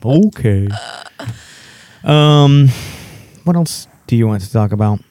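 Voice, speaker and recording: A man's voice: medium pitch, animated, measured pace, a little mellow, clear, resonant tone, no echo, clean studio sound. A man co-hosting a podcast in casual, rambling, enthusiastic chat with crude jokes. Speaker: podcast co-host.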